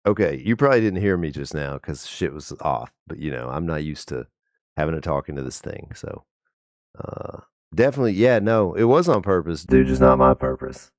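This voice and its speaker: Very deep-voiced man streaming casually. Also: expressive, brisk, dry recording. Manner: rambling, profane and jokey. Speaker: livestreamer. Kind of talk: casual live-stream chat. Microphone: headset.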